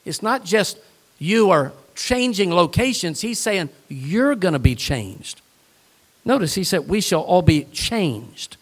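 A man delivers a sermon from the pulpit, animated and lively as he moves between reading scripture and telling jokes. His voice sits a little on the high side for a man. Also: slow pace. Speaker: pastor.

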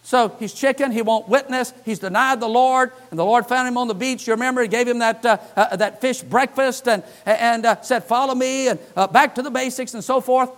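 A man preaching a sermon, telling the scripture stories with animated acted-out lines and frequent filler sounds. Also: very high-pitched, a little fast, few pauses. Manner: animated storytelling, acts out the scripture characters' lines. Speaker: pastor.

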